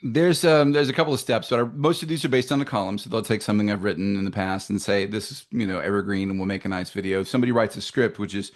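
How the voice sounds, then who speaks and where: A man from suburban Georgia talks as an interview guest with a low voice. He explains his points at length, and his phrases often trail off softly. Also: fairly even intonation, quick pace, hardly any pauses. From suburbs of Atlanta, Georgia, USA. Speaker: guest, language writer and editor. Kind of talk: conversational interview answers.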